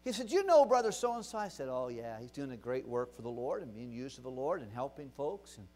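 A man preaching as a pastor, telling a story from his ministry with animated, shifting emphasis. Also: mid-range voice, brisk. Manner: animated, swings between loud emphasis and quiet retelling. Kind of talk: sermon storytelling.

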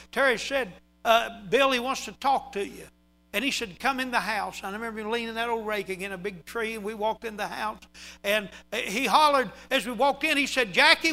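A man's voice: very high voice, pushed and bright, low-quality recording. A man, a pastor telling folksy stories in an emphatic sermon. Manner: folksy, emphatic preaching with rising intensity. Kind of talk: sermon storytelling.

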